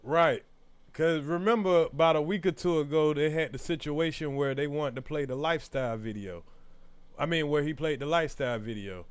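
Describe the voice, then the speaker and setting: A man's voice: on the high side, brisk, smooth, dry recording. A man hosting a live stream, giving opinionated, conversational commentary on a trial. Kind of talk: casual commentary.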